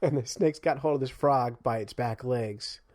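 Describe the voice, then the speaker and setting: A man's voice: medium pitch, moderate pace, dry recording, studio quality. A man co-hosting a casual podcast, telling stories with lots of energy and laughing often. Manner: animated storytelling, mimics frog screams, laughs often. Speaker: podcast co-host. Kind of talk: casual chat.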